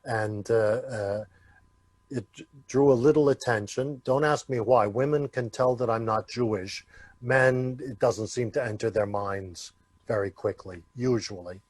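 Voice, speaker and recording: A man from the United States, a guest on an interview podcast, telling stories at an easy pace with many small pauses. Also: medium pitch, a little mellow, dry recording. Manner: unhurried, full of "uh" pauses. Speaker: guest, Yiddish actor. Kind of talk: relaxed storytelling in an interview.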